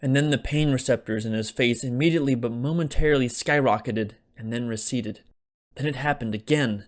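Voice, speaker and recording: A man, the author, narrating his own comic novel as an audiobook in a wry, deadpan delivery. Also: mid-range voice, normal speed.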